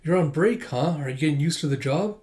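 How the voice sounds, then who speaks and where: A man's voice: on the high side, a little fast, a little mellow, close to an everyday voice. Kindly pub owner, read by a man. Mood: gentle. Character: kindly middle-aged male pub owner.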